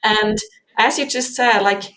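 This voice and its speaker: A woman's voice: mid-range voice, fairly even intonation, unhurried, fairly bright tone. A woman guest author in an interview, talking animatedly, acting out inner voices, with frequent fillers. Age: adult with three kids. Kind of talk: conversational interview.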